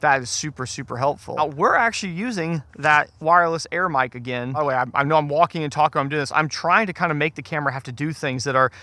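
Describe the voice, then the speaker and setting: Guy doing a moto gear review, bright slightly high voice, rambly and jokey, fillers everywhere. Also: quick pace, few pauses, no echo. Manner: chatty, self-deprecating, rambling with fillers. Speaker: motovlog host. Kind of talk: casual gear review vlog. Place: on a motorcycle outdoors in rain and traffic. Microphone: helmet mic and small clip-on wireless mic. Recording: noisy outdoor ride audio. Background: wind and road noise.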